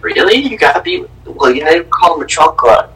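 Husky, dry-witted podcast co-host. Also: male voice, a little high, normal speed, rough recording. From Kansas City, USA. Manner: dry, deadpan quips. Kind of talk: casual podcast chat.

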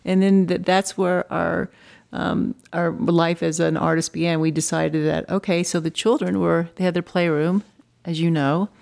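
A woman with a very low voice and a lot of vocal fry talks as an interview guest. She tells her story in a chatty, casual way and often restarts her sentences. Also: steady tone, normal speed, darkish tone.

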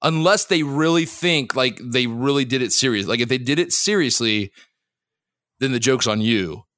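A man hosting a podcast in casual chat, asking teasing, probing questions with quick restarts. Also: medium pitch, animated, fairly bright tone, no echo, studio quality. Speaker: podcast host.

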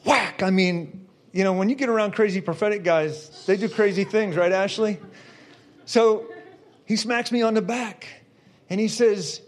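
High-voiced man preaching a testimony. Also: normal speed. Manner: animated storyteller, shouting at the climax.

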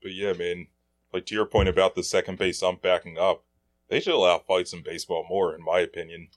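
Man, co-host, low-pitched, laid-back, slangy, casual sports chat. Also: fairly even intonation, fairly quick. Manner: laid-back, says dude and man a lot.

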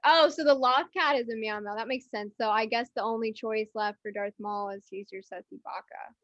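Woman, high bright voice, goofy jokester, dull lo-fi mic. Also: brisk, dry recording. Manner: goofy, mock-newscaster jokes. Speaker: podcast co-host. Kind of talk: casual chat.

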